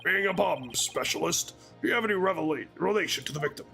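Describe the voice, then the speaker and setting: A fussy old judge, voiced by a man, sits high in his voice with heavy gravel and a bright, sharp edge. His pitch swings widely as he frets over each strange witness, with faint music behind. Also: lively intonation, fast talker, full character voice. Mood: puzzled, formal. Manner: bewildered, formal. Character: fussy elderly male judge.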